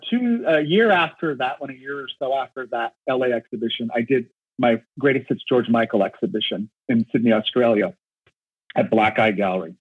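In an interview, a concert photographer tells a story eagerly and at length, stumbling and restarting his words in a husky, slightly rough, medium-pitched voice. The dry recording sounds squeezed through a narrow, phone-like band.

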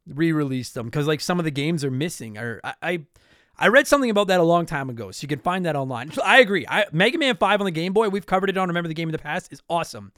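A man from Canada with a high voice that swings widely in pitch, talking casually on a podcast. He rambles, restarts his sentences and keeps apologizing. The sound is dry and close. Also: a bit bright, dry recording. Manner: rambling, self-interrupting, apologetic. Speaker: podcast host answering listener mail.

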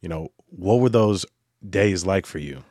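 Brief: male interviewer, deep voice, short measured questions. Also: expressive, a little mellow.

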